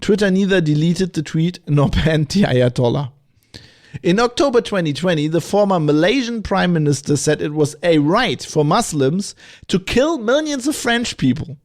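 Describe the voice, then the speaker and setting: A man hosts his own podcast, thinking out loud in long, rambling stretches. He restarts his sentences often and jumps between asides. His voice sits slightly higher than most men's. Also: normal speed. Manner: rambling, animated, with frequent restarts and laughs. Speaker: podcast host. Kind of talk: opinionated solo podcast talk.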